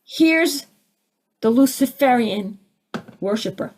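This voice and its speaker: Speaking slowly and expressively in a darkish tone, a woman runs a live spiritual teaching session. She answers questions from the audience, drops in conversational asides, and voices the people she describes with big pitch leaps.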